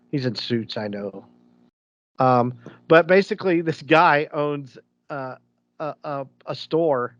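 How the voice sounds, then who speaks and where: A man co-hosting a podcast, chatting casually and rambling through stories with many restarts. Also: mid-range voice. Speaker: podcast co-host. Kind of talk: casual chat. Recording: dull lo-fi sound.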